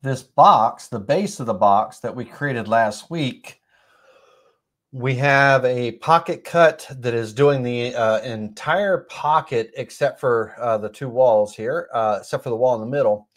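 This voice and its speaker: Middle-aged man, slight cold, live stream woodworking tutorial, rambling, lots of ums, mid pitch. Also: a little slow. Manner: rambling, filler-heavy, self-correcting. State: has a cold, occasional coughs.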